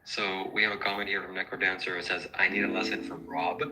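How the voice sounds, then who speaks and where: A man hosting a livestream, talking bluntly and deadpan as he reads out donations. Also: low-pitched, fast, a little hiss or hum, rough recording. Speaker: livestream host. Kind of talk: livestream chat.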